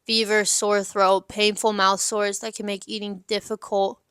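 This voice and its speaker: A young woman hosting an advice show, chatting candidly with lots of fillers and lively asides. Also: medium pitch, measured pace, clear, resonant tone, no room sound, clean studio sound. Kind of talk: casual advice chat.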